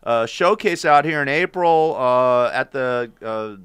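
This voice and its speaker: A man's voice: mid-range voice, animated, slow pace, a bit bright, clean tone, dry recording. A man hosting a radio call-in show, joking and teasing his callers. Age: older. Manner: joking, teasing, laughs often. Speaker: radio talk show host. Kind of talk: casual phone-in chat.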